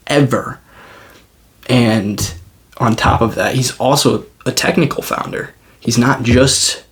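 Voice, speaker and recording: A young man vlogging, musing aloud in a rambling way with many restarts and fillers. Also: mid-range voice. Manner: rambling, restarts, lots of "like" and "I mean". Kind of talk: casual talking-head monologue.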